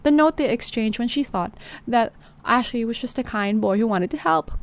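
A woman's voice: fairly high pitch, moderate pace. A woman, hosting a true-crime podcast, narrating a story in a casual, dramatic way with Tagalog phrases mixed in. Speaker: podcast host.

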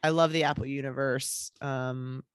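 A woman's voice: very deep voice, fairly even intonation, moderate pace, clear, resonant tone, no room sound, clean studio sound. A woman co-hosting a podcast in casual chat, laughing often and rambling through her thoughts. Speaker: podcast co-host.

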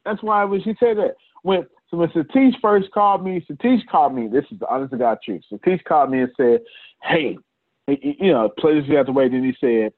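A man leading a business coaching session on a video call. He talks in an animated way and addresses attendees by name. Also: on the high side, fast, no echo. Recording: tinny phone-like call audio.

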